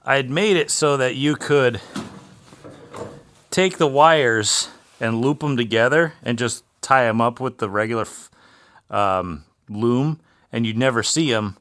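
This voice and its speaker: A man's voice: mid-range voice, unhurried, a bit bright, slight background noise. A man talks casually in his home garage as he works on an old race car. He rambles through an amused story, piling on asides as he goes. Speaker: garage vlog host. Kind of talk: casual chat while working on a race car.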